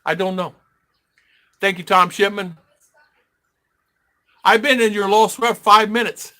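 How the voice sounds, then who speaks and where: Rambling middle-aged American livestream host. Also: male voice, high-pitched, steady tone, unhurried, bright, forceful tone. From United States. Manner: rambling, reads viewer comments aloud. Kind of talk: casual live-stream chat.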